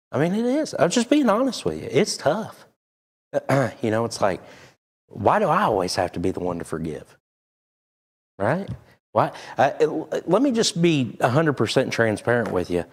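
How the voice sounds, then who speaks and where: Lively, candid preacher man. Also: a little high, moderate pace, husky. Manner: candid, conversational, animated. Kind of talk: sermon. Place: church sanctuary.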